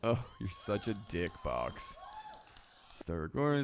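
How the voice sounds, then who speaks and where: A man's voice: on the low side, big pitch swings, measured pace, long pauses, clear, resonant tone. A man hosting a livestream as a live sound engineer, rambling and joking, swearing, and bursting into mock panic.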